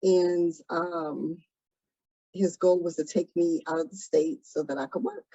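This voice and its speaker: A woman telling her own story in an interview, soft-spoken and hesitant, pausing often. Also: on the low side, fairly even intonation, dry recording, dull audio. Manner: soft-spoken, hesitant, many pauses and ums. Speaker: trafficking survivor guest. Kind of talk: interview testimony.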